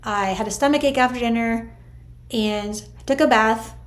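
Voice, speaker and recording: A middle-aged woman telling viewers a personal spiritual story in a chatty, animated way, full of "like" and "I'm like". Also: a little high, normal speed. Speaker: vlogger sharing a spiritual story.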